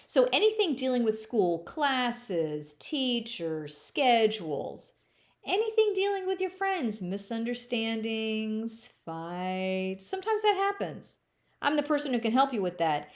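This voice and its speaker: A middle-aged woman school counselor giving a playful, jokey recorded presentation to fifth graders, speaking slowly and clearly. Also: on the high side, big pitch swings.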